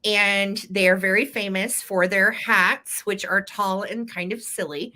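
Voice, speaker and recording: A woman chatting through a live vintage sale in a bright, forceful voice. She is playful and quick to laugh, and she keeps up an easy banter with her co-host. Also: mid-range voice, fairly even intonation.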